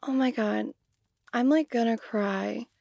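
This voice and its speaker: A woman's voice: fairly high pitch, takes it slowly, gravelly, a little mellow, no room sound. A young woman performing an audio role-play to the listener, talking casually and giggly, with lots of "like".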